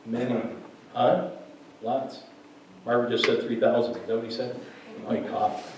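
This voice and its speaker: Pastor in a very echoey church hall. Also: male voice, medium pitch, steady tone, measured pace, background noise. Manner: conversational preaching, teases the congregation. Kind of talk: sermon. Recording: very echoey hall, mic far off.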